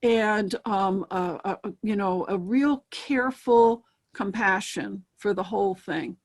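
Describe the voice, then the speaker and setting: A woman who is a spiritualist medium, speaking as an interview guest in a thoughtful, hesitant way with many pauses and ums. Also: mid-range voice. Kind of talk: casual interview chat.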